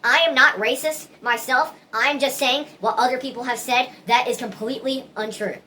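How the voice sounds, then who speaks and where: A woman talks straight to the camera in a casual opinion vlog, earnest and rambling, often stopping to restart her sentences. Her voice sits a little high and sounds bright and forward. A faint hiss runs underneath. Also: fairly even intonation, moderate pace. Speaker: vlogger.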